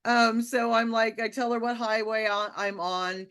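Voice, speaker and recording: A woman casually telling a personal spiritual story, animated and acting out the quotes, often laughing. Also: a little high, unhurried. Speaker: podcast guest telling a testimony.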